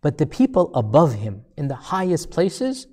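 A man preaching a sermon, telling a story with emphatic repeated phrases that build up and then fall to a low, hushed voice. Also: wildly swooping pitch, normal speed.

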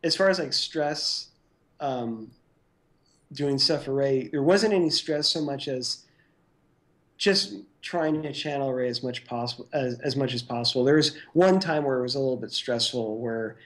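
A man's voice: mid-range voice, normal speed. Rambling man telling stories. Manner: rambling, full of "like" and "you know". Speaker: guest stop-motion animator. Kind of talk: casual interview recollection.

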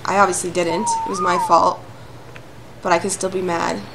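A woman hosting a gaming channel, chatting to her game animals during solo gameplay and flaring into loud anger. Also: fairly low pitch, huge pitch swings, normal speed, vocal fry, noisy background.

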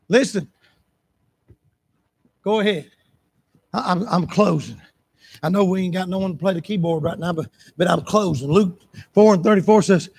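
A man preaching a sermon in church, impassioned, repeating phrases for emphasis and breaking into shouts. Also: high-pitched, moderate pace, gravelly, pauses often, breathy edge.

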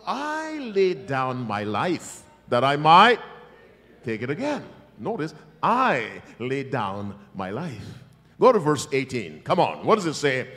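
A man's voice: mid-range voice, huge pitch swings, slow pace. Preacher guy, emphatic, teases the crowd, swoops up and down a lot, long echo in a big church hall. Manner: emphatic, teasing the congregation, sudden loud bursts. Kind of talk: revival sermon.

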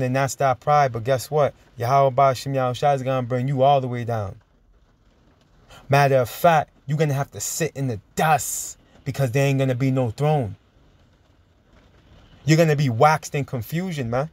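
A man preaching and teaching from scripture, emphatic and chuckling, drawing out verses slowly as he reads. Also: mid-range voice, a little mellow, no room sound. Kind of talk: sermon-style Bible teaching.

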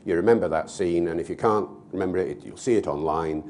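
A man's voice: low-pitched, quick pace, a little mellow. A man giving an expansive online talk, explaining with many asides. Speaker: language expert.

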